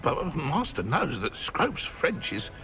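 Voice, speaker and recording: An actor voicing a servile male house-elf who speaks of himself in the third person, with a gravelly, creaky voice. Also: fairly high pitch, huge pitch swings, takes it slowly, crowd noise, full character voice.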